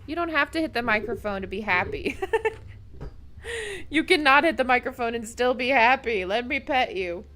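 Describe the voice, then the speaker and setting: A woman's voice: fairly high pitch, expressive, moderate pace, bright, forceful tone. A young woman streaming a game from home at a desk mic, gushing and emotional, baby-talking to her pets. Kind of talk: gaming livestream chat. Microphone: desk microphone.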